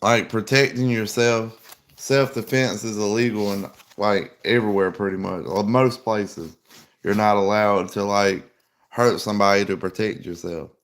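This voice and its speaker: A man's voice: on the low side, steady tone, normal speed. A man hosting a casual livestream, answering viewer comments in a laid-back, rambling way with plenty of "like". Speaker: livestream host.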